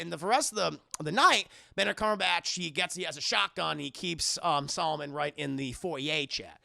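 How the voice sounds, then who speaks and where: Streamer, male: gravelly fry throughout, a bright, forceful tone, rambling and profane plot recap. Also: a little high, normal speed, hardly any pauses, no room sound, studio quality. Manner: rambling and profane, retells the plot and acts out lines. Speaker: streamer reviewing a movie. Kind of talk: casual live-stream commentary.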